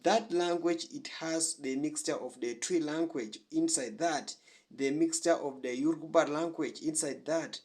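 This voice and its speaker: A man hosting a reaction channel, giving earnest commentary from Africa with frequent hesitations and fillers. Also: a little high.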